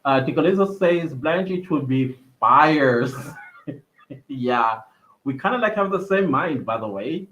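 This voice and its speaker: A man's voice: fairly high pitch, expressive, measured pace, a bit bright. A young South African man hosting a livestream, chatting casually and reading viewer comments aloud with frequent laughter. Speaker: livestream host. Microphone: computer mic on a live stream. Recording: slightly dull lo-fi stream audio.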